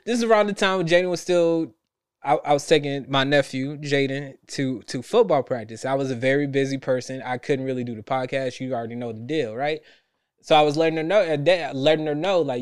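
A young man, a podcast host telling a story in casual chat, animated and laughing often. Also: mid-range voice, fairly quick, clear, resonant tone. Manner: animated, laughs a lot, acts out quotes.

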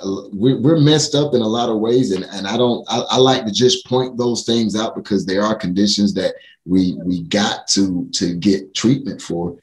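American guy talking earnest and thoughtful, lowish voice, keeps restarting his sentences. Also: moderate pace, roomy sound, low-quality recording. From United States. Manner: earnest, reflective, with frequent restarts. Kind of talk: casual chat.

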